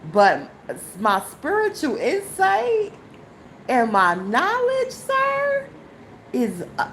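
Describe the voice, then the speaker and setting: Middle-aged woman, live podcast, animated story, goes low when mocking and high when fired up, swears a lot, faint hiss behind. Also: rough recording. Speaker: podcast host. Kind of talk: solo live podcast monologue.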